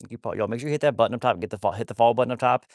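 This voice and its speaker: A man's voice: medium pitch, very fast, a little mellow, no room sound, clean studio sound. A man chatting casually on a phone livestream about his wolfdogs. He rambles, repeats himself and talks to viewers as y'all.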